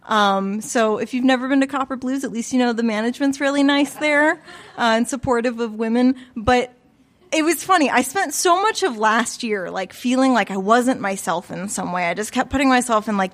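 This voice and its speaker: Storyteller: woman, fairly high voice, chatty and casual, live at a cafe open mic on a stage mic. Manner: chatty, conversational, with frequent filler words. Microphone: stage microphone on a stand.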